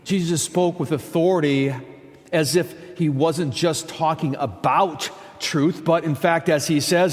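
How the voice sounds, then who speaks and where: A pastor delivers his sermon in a high, emphatic voice, breaking often into casual asides to the congregation. His words ring out with a long reverb from the church hall around him. He moves between plain talk and stressed, declarative lines. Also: fairly even intonation, unhurried. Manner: conversational, emphatic, with many asides.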